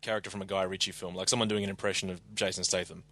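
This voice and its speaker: A man's voice: sits low, level tone, rapid-fire, pushed and bright. Stammering man podcast co-host. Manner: stammering restarts, blunt criticism. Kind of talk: casual show review chat.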